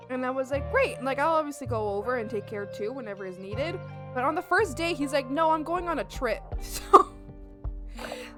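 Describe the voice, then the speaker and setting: A young woman streaming her art at home, chatting casually while she draws, bubbly and breaking into squealed exclamations. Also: high voice. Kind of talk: casual chat while drawing. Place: home apartment.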